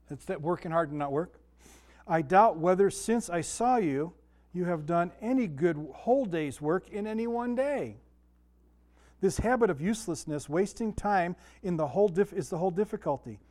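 A man's voice: high-pitched, expressive, normal speed, darkish tone. A man giving a casual, folksy Bible lesson, often asking his listeners questions and telling stories. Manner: folksy, chatty, asks the room questions. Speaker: Sunday school teacher.

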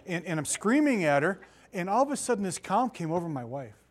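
A middle-aged man preaches in a loose, conversational way, breaking into asides and laughing at his own stories. His voice sits a little higher than most men's, and he swings between loud bursts and quiet, confiding lines. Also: sing-song, brisk. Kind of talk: sermon.

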